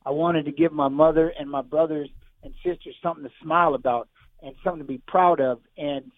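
Fast-talking man on a tinny phone line. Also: fairly high pitch, fairly even intonation, no echo. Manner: rambling, repeats himself, emotional. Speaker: guest fighter. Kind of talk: emotional personal storytelling on live radio.

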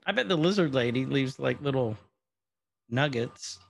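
A man's voice: medium pitch, animated, normal speed, gravelly, breathy edge. A man co-hosting a podcast, casually recapping an episode and joking around. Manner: joking, playful retelling with quoted voices. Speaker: podcast co-host.

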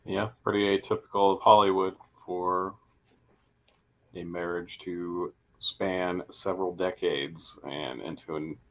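A man's voice: low-pitched, steady tone, unhurried, a bit bright. A man co-hosting a casual podcast, giving short agreeing replies and dry asides. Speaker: podcast co-host.

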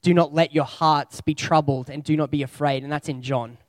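Guy preaching a sermon, kinda high voice, chatty and reflective, dry close sound. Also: steady tone, moderate pace, no echo. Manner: conversational, reflective, with spoken lists.

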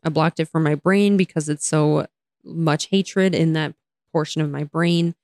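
A woman's voice: low-pitched, unhurried, dry recording, clean studio sound. A young woman co-hosting a podcast, chatting casually, laughing often and ranting with energy. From United States. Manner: animated, laughs often, rants. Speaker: podcast co-host. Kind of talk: casual chat.

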